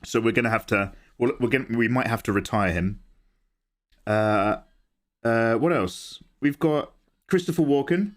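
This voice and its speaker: A man's voice: medium pitch, moderate pace. A young man streaming live, chatting and joking in a rambling way from his home setup. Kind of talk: casual live-stream chat.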